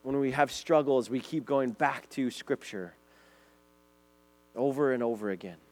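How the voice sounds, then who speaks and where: A man's voice: medium pitch, a little slow, darkish tone. Earnest male pastor preaching. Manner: earnest preaching, reading scripture aloud. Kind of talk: sermon.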